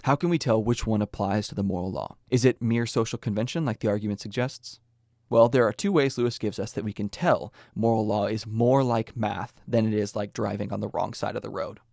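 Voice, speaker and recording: This young American podcast host talks a little fast in a fairly low, darkish voice with some vocal fry. He delivers a scripted explanatory talk, earnestly laying out ideas and adding small personal asides. The studio-quality recording has no echo.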